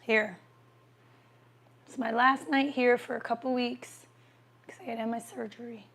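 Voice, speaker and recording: A chatty woman hosting a casual livestream, answering viewer comments while she eats. Her voice sits a bit high and carries a gravelly, fry-tinged edge. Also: fairly even intonation, moderate pace, fairly bright tone. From American Midwest. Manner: chatty, reads comments aloud, talks while eating.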